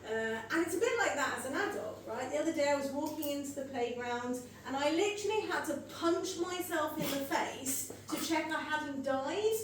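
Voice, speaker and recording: High-pitched woman doing stand-up in echoey venue. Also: brisk, hardly any pauses, far from the mic. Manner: animated storytelling, swearing. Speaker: stand-up comedian. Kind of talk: stand-up set. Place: comedy club stage. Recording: echoey venue mic, audience laughter.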